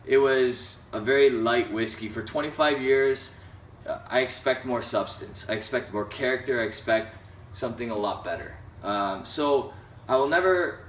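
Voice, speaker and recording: A man's voice: mid-range voice, normal speed, slight background noise. Young guy doing a whisky review, um-heavy and blunt, sounds a bit far from the mic, echoey room. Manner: frank, hesitant with many ums, apologetic asides. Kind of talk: casual review vlog. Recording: roomy, slightly distant mic with faint ambience.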